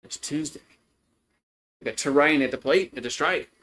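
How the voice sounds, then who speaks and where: A man giving casual live play-by-play for a baseball game, chatty and loose, greeting viewers between pitches. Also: normal speed, fairly bright tone, poor audio. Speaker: play-by-play commentator.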